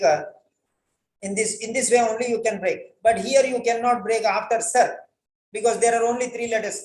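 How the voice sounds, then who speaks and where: A man's voice: high-pitched, roomy sound, slight background noise, poor audio. A man tutoring a student on a written letter, correcting it line by line, repeating phrases and spelling words out. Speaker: writing tutor.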